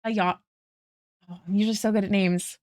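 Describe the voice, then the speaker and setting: A woman's voice: medium pitch, fairly even intonation, moderate pace, darkish tone, dry recording, clean studio sound. A woman streaming her art live, chatting casually with viewers, giggling often and thanking them one by one.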